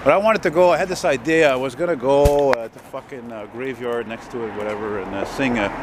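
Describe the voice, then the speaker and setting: A man, walking a city street at night and chatting into his camera in a rambling, profane, easily excited way. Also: on the low side. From Quebec, Canada. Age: 40s. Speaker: vlogger. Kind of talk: casual walking vlog. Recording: street traffic noise outdoors.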